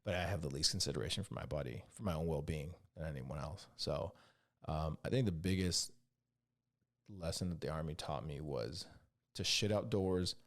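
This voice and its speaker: A man's voice: low voice, moderate pace. A man hosting a podcast, rambling through casual profane stories about his Army days and acting out the other people's lines. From California. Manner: profane, rambling, with animated quoted dialogue. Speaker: podcast host; Army veteran. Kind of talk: casual solo storytelling.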